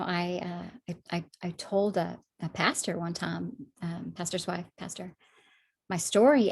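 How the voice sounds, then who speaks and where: A woman sharing her personal faith testimony in conversation, animated when acting out past moments, soft and low when reflecting. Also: husky. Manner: animated storytelling, acts out her own past words.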